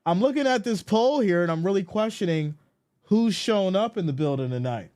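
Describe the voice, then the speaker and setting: A man with a fairly high voice hosts a casual sports live stream and reads viewer comments aloud. His pitch swings widely as he banters, and he slips into mock exasperation when teased. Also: lively intonation, normal speed, darkish tone, clear, resonant tone. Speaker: live stream host reading chat.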